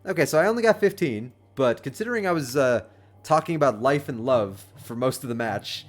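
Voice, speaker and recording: A man's voice: medium pitch, expressive, fairly quick, faint music behind. A young man chatting casually on a game livestream, rambling and friendly as he gives dating advice to his chat. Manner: rambling and friendly, with many restarts and chuckles.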